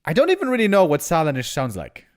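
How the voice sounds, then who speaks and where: Playful, lively man casting a game stream. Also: on the high side, quick pace. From Germany. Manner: playful, animated banter with sudden loud outbursts. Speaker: esports caster. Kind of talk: live game commentary and chat with viewers.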